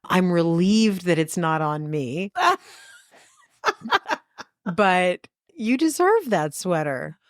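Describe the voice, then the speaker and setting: A woman's voice: on the low side, lively intonation, slow, long pauses, no echo. A New woman in her fifties co-hosting a podcast in casual chat, teasing with dry humor. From New York City. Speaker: podcast co-host.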